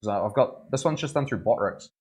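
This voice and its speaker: A man's voice: mid-range voice, quick pace, a little mellow, husky. A young man, a tattoo artist, chatting casually on a live stream while he works, laughing often and thanking viewers. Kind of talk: casual livestream chat while working.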